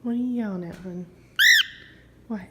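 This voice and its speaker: A woman at home talking to her pet bird, gently scolding and teasing it. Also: mid-range voice, moderate pace, lo-fi sound. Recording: loud background noise.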